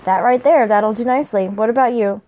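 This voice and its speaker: A woman's voice: fairly high pitch, fairly quick, dull audio, a little hiss or hum, natural voice. A woman reading the lines of an earnest, protective young male fighter in her plain voice.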